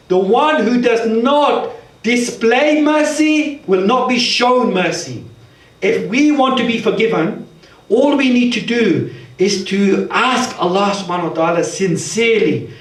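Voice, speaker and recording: Male preacher, high voice, gentle earnest sermon, heard from far off in a big echoing hall. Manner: explains verses point by point, gentle and earnest. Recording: echoey hall recording from far off.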